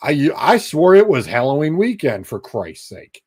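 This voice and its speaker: A man co-hosting a podcast, talking football in blunt, excitable banter. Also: on the high side, measured pace, slightly rough. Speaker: podcast co-host. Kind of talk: casual sports chat.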